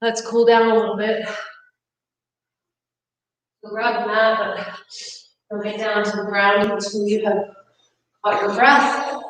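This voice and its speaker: A woman's voice: medium pitch, little pitch movement, measured pace, long pauses, a bit bright. A woman leading a fitness class, out of breath and counting down reps with upbeat encouragement. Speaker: fitness instructor. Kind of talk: live workout class instruction. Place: gym. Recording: echoey room, far from mic.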